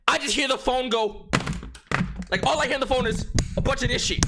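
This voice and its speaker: A man's voice: very high voice, brisk, vocal fry, very noisy. A young man, a streamer, telling a story in casual, slangy, profane talk with lots of filler words.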